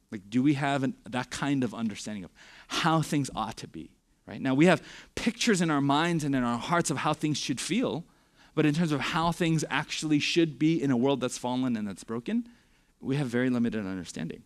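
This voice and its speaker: A man's voice: medium pitch, expressive, moderate pace. A young man preaching a youth sermon in a conversational way, with frequent "right?" check-ins and sarcastic asides. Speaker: youth pastor.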